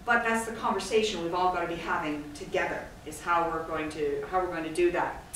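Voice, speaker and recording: A woman's voice: fairly low pitch, steady tone, fairly quick, fairly bright tone. A woman from Scotland giving an informal, digressive talk to an audience, chatty and self-deprecating. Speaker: guest speaker. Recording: echoey hall from far off, faint noise.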